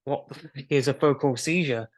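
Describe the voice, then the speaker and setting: A man's voice: medium pitch, brisk. Frank young man. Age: young adult. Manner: frank, matter-of-fact storytelling with nervous little laughs. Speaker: guest. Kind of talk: candid conversational interview.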